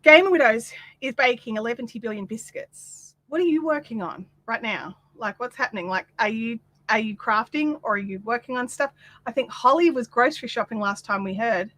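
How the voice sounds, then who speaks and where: A chatty woman hosts a live craft stream. Her voice sits high and rings bright as she rambles through viewer comments. She fills the gaps with plenty of ums and quick asides. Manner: chatty and animated, many fillers and asides. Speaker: craft livestream host.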